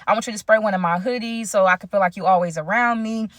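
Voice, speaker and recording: A woman quoting a sweet, affectionate young woman in a storytime vlog, soft and doting. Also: medium pitch, quick pace, dry recording, studio quality, close to an everyday voice.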